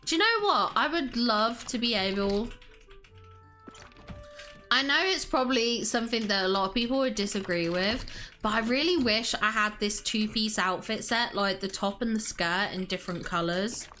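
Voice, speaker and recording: A woman's voice: fairly high pitch, normal speed, pushed and bright, faint music behind. A woman streaming a game and chatting casually with viewers, giggling often and laughing to tears. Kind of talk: casual livestream chat.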